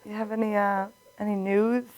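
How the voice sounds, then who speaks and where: A woman's voice: mid-range voice, flat delivery, moderate pace, a little mellow, dry recording, rough recording. A woman in her late twenties co-hosting, telling stories in a chatty way with lots of "like". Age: late 20s. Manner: chatty, says "like" a lot. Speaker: co-host. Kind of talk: casual chat.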